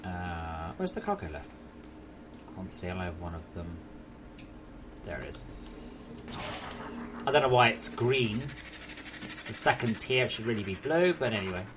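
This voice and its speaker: A man's voice: on the low side, big pitch swings, moderate pace, pauses often, background noise. A young English man chatting casually while streaming a game at home, joking and swearing freely. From England. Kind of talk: casual live-stream chat.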